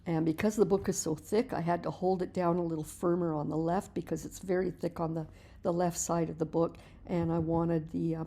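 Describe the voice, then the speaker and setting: A middle-aged woman teaching mixed-media painting in a relaxed, chatty voice-over, explaining each step as she works and often restarting her words. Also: on the low side. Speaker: art teacher.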